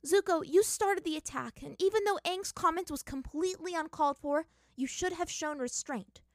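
A woman's voice: very high-pitched, moderate pace, dry recording, clean studio sound, voice pushed up. A woman voicing a fierce, hot-tempered teenage girl who scolds sharply, in a fan fiction reading. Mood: scolding. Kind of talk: fan fiction read aloud.

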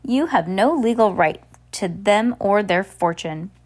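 A woman's voice: mid-range voice, expressive, unhurried, darkish tone. Protective judge in a storybook, stern, read by a woman.

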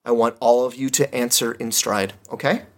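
A man's voice: mid-range voice, fairly even intonation, normal speed, close to an everyday voice. A man voicing a towering, commanding woman official who asks formal questions in a tabletop game. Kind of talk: game master voicing a character.

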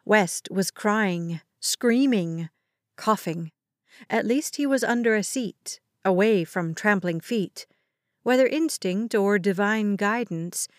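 Slow, dry-sounding woman narrator. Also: mid-range voice, no room sound. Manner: measured, dramatic storytelling. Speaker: audiobook narrator. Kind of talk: scripted narration.

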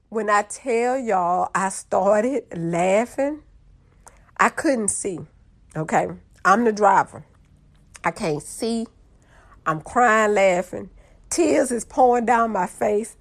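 A young woman, telling a funny story to her viewers in a lively, casual way. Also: medium pitch, slow pace, vocal fry. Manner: animated, drawling, addresses audience as y'all.

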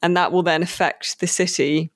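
A podcast co-host chatting casually about a game, rambling with many fillers and slowing down on key words. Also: medium pitch, fairly even intonation, no echo, clean studio sound.

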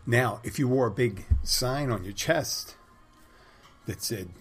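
With faint music playing behind him, a middle-aged man of medium pitch takes his time on his podcast. He tells rambling, crude stories with a wry edge in a relaxed monologue.

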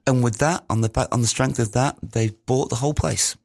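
A man, a musician, recounting studio stories in a rambling, casual way with many pauses. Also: medium pitch, steady tone, creaky, a little mellow, no echo. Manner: rambling, many ums and restarts. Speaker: musician guest. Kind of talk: casual anecdotal storytelling.

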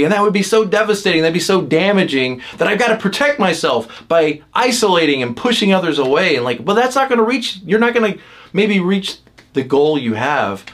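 A man hosting a podcast, talking casually about personality types, with many fillers and quick acted-out lines from other people. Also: on the high side. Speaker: podcast host. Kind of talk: casual teaching talk.

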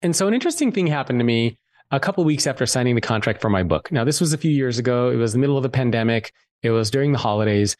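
A man's voice: medium pitch, very fast, dry recording. Candid man telling a story, dry sound. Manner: candid, animated, swears freely. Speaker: author and podcast guest. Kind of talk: casual storytelling interview.

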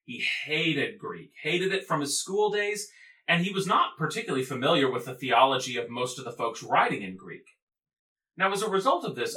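A man delivers a playful, theatrical history lecture with lots of movement in his pitch. His tone is bright and forceful. The recording is roomy and a little off mic, with faint music underneath. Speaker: podcast host explaining church history. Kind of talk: humorous scripted lecture.

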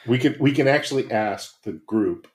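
A man's voice: medium pitch, normal speed. A man co-hosting a podcast, chatting casually and rambling about a new hobby with lots of fillers. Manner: rambling, relaxed, many fillers. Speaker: podcast co-host. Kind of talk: casual chat.

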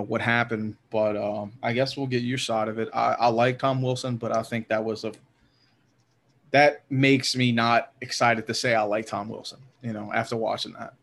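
A man co-hosting a casual hockey podcast, rambling and swearing freely, laughing often. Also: mid-range voice. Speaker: podcast co-host.

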